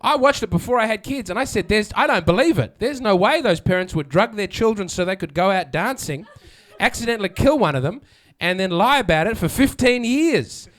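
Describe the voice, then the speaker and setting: High-voiced comic, sardonic. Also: male voice, expressive, a little fast, fairly bright tone. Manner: sardonic, crowd-work, acts out quotes. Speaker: stand-up comedian. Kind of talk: stand-up comedy set. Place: comedy venue with live audience.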